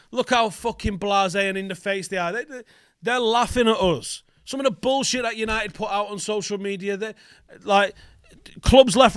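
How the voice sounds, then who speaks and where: A man's voice: high voice, fairly bright tone, smooth, no echo, studio quality. A young man hosting a football fan vlog, ranting in an angry, sweary, emphatic way. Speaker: football fan channel host.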